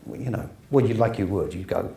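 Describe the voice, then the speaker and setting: Gravelly man in his fifties, rambling. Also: lowish voice, a little fast, mellow. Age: 50s. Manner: rambling, many restarts, acts out quotes. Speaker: actor being interviewed. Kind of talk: casual anecdotal interview. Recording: roomy echo, distant mic, faint noise.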